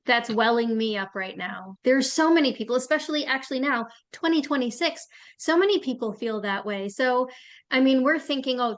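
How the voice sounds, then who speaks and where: A woman's voice: fairly high pitch, fairly bright tone. A woman hosting a podcast, asking questions and reflecting aloud in a conversational interview. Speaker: podcast host.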